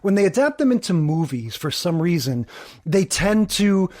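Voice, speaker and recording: A man's voice: high voice, sing-song, normal speed, darkish tone. A man co-hosting a podcast in casual chat, hedging his views with fillers like "you know". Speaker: podcast co-host.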